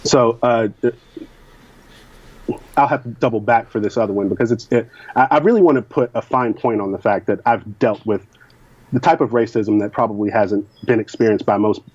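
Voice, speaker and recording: Frank man from Kentucky, dark voice. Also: fairly low pitch, normal speed, no echo. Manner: candid and frank. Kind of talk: recounting personal experiences. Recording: dull lo-fi recording.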